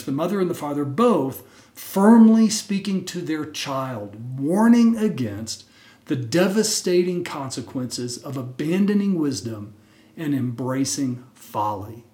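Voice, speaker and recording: A man with a slightly high voice preaches from the pulpit, stressing his points and tossing in quick "right?" asides. His voice rings through an echoey church sanctuary. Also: a little mellow. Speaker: pastor. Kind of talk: sermon.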